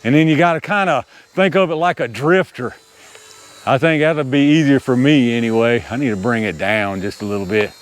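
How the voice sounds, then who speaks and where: Excitable man flying outdoors. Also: medium pitch, a little fast. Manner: excitable, talks to viewers as "y'all", laughs at his own panic. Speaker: RC hobby video host. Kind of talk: casual running commentary while flying. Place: outdoors, small open area.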